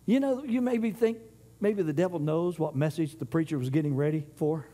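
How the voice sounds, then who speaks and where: A man with a notably high voice preaches to his congregation in church. He delivers the sermon with passion, building up loud and urgent, then dropping low and soft, and he often stumbles and repeats words as he goes. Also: normal speed. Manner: impassioned, rises and falls, stumbles and repeats.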